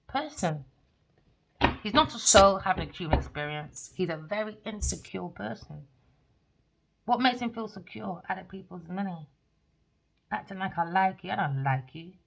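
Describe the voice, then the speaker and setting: A woman giving a tarot reading, scornful and theatrical, mockingly calling people darling and shifting between loud outbursts and low mutters. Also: gravelly, muffled recording. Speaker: tarot reader. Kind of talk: rambling tarot reading monologue.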